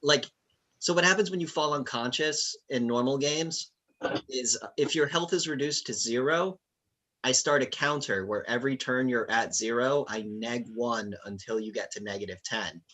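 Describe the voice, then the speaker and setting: Male game master, bright tone, loose rambling narration with fillers. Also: mid-range voice, moderate pace. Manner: casual, rambling with fillers and laughs.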